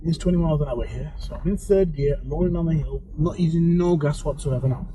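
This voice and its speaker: A male driving instructor with a mixed English accent tinged with Birmingham, giving relaxed, chatty commentary and explaining each step as he drives. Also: on the high side, fast talker, crowd noise, poor audio. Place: inside a moving car. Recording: car engine and road noise.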